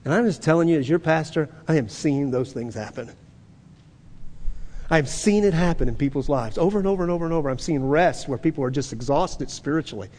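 A pastor preaches a sermon in a church sanctuary, speaking conversationally but breaking into sudden emphatic bursts. His voice is slightly high, fairly quick and a little mellow, and the large hall gives it a long reverb.

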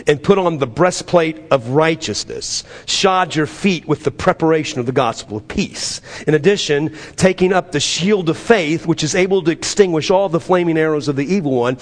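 A male pastor preaching a sermon in a conversational way, repeating phrases and dropping to a quiet voice for emphasis. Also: fairly high pitch, moderate pace, big-room sound.

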